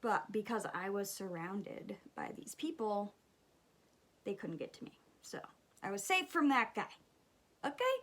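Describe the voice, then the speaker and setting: A young woman, chatting and telling a story while doing her makeup, animated and swearing casually. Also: medium pitch, measured pace. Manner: animated, swears casually, drops to whispers at times. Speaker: beauty vlogger.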